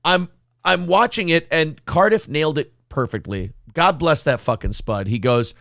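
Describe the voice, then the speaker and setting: A man's voice: on the high side, moderate pace, vocal fry, no room sound, clean studio sound. A man hosting a podcast, telling stories in casual chat, acting out quotes and swearing freely. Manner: animated storyteller, acts out quotes, swears freely. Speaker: podcast host.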